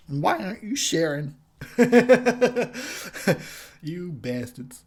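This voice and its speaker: Tipsy from drinking, a man hosts a drunken movie commentary, rambling and swearing while cracking himself up with frequent laughter. His somewhat high voice swings widely in pitch, and he speaks slowly with many pauses and a breathy edge.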